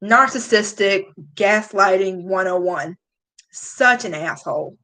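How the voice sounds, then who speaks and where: A woman's voice: mid-range voice, slow pace, pushed and bright. A woman, confiding in casual chat, emotional, sighing often. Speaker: beauty vlogger. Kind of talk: casual chat reading live comments.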